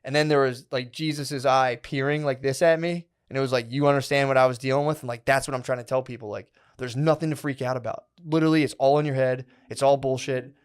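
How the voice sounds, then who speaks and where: A man's voice: mid-range voice, fairly even intonation, a little fast, few pauses, clean tone. A man hosting a podcast, telling a long story in casual chat, full of swearing, fillers like "dude" and "like", and quoted voices. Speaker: podcast host.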